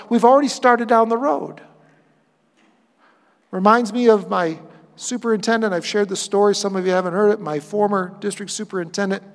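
A pastor preaches a sermon in a high-pitched voice, shifting dynamically between loud emphasis and hushed asides. The sound has a big-room quality.

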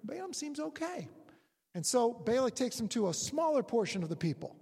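A preacher delivers a sermon as lively storytelling, the pitch leaping around as they act out characters. The voice has a breathy, husky edge. It is captured with long reverb, as if in a large church hall. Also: moderate pace. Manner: storytelling, animated retelling with acted-out quotes.

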